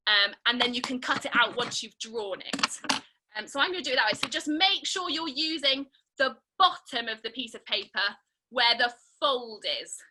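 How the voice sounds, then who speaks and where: A young woman guides children through an online craft session, her voice high and very bright. She talks slowly and warmly encourages every step, her pitch swinging up and down with playful energy. Faint music plays somewhere behind her on the call. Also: poor audio. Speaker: theatre maker leading a family workshop. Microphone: video call.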